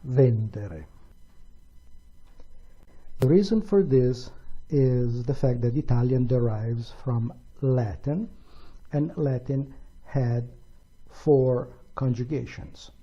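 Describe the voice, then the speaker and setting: A man teaching a grammar lesson slowly and deliberately, pronouncing each example with care. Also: mid-range voice, husky, muffled recording. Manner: slow, deliberate, careful pronunciation of examples. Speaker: language teacher. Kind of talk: slow explanatory grammar lesson.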